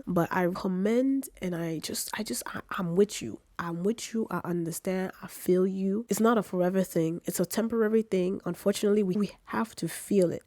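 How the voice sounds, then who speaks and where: A young woman talks straight to her camera in a candid personal vlog, emphatic and full of slangy asides, circling back on her own words. Her voice sits fairly low for a woman. The room sound is dry and close. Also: no room sound. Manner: expressive, emphatic, repeats herself, slangy asides. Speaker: vlogger. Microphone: camera mic.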